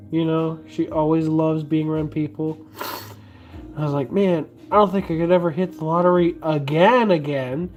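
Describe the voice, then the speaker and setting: A vlogger chatting casually while sculpting, rambling and joking with lots of fillers. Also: medium pitch. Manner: rambling and jokey, many fillers.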